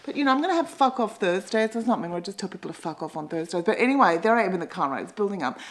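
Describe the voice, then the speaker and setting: A middle-aged woman with an Australian accent tells a comic monologue at a quick clip. Her pitch leaps all over the place as she rambles and mocks herself. Now and then she breaks into loud, sweary outbursts. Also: animated, rough recording. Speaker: comedian and columnist.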